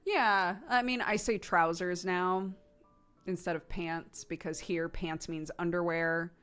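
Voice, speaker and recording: A woman's voice: on the low side, fairly even intonation, slow, a bit bright, smooth, soft background music. An American woman in her thirties chatting casually with her stream chat, with lots of laughter and fillers like "um" and "like.". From United States.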